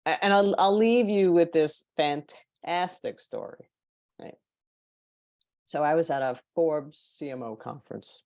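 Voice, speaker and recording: A woman's voice: low-pitched, unhurried, no room sound. A woman guest on a podcast, telling anecdotes in casual chat and acting out the people she quotes. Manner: animated, acts out quoted people. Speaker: podcast guest, marketing consultant.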